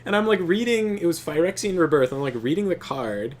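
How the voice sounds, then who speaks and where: A young man streaming a game, telling animated, profanity-laced stories in casual chat. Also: on the high side, brisk, a little hiss or hum. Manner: animated storytelling, swears often. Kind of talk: casual chat while gaming.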